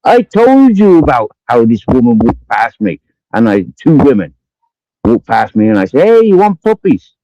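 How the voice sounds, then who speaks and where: A Cumbrian-accented man rants furiously at someone on a livestream, swearing nonstop, repeating his accusations, and drinking as he goes. His mid-range voice swings widely in pitch at a moderate pace, with no echo, on dull lo-fi stream audio.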